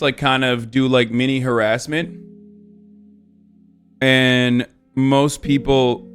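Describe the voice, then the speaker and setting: A man livestreaming, telling a story to his chat in a casual, exasperated and animated way. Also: medium pitch. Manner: animated, exasperated retelling with quoted exchanges.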